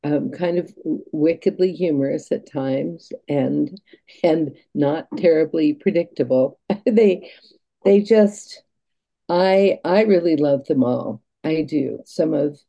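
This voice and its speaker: A woman guest telling stories and reflecting, in an earnest, halting way with restarts. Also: low-pitched, vocal fry, dark tone, highs cut off. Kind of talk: reflective storytelling.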